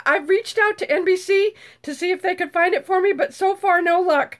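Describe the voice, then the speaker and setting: An older woman hosting a casual live chat, bubbly and foul-mouthed, who swears freely and screeches when excited. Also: very high-pitched, normal speed, few pauses. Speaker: YouTube host.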